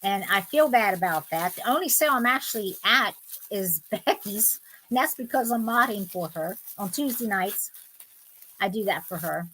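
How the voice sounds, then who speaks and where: A woman's voice: mid-range voice, lively intonation, normal speed, bright, forceful tone, slightly rough. A middle-aged woman, chatting with viewers by name while hosting a live sale, indignant and talkative. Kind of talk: casual live-stream chat.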